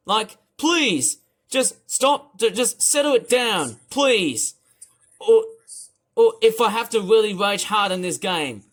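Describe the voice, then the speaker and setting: Young vlogger in a loud angry rant. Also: medium pitch, sing-song, slow pace. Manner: ranting, repetitive, swings into shouting.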